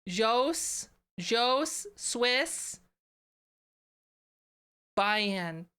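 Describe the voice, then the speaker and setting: A woman's voice: a little high, expressive, extremely slow, bright, forceful tone, clean tone. A woman VTuber streamer chatting casually and playfully with her chat, giggling and reading names aloud.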